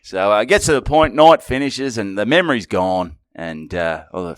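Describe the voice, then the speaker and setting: In a clean, dry studio recording, a middle-aged Australian podcast co-host tells a meandering, profane story with plenty of energy. His voice runs on the low side at a moderate pace, and the talk is relaxed storytelling.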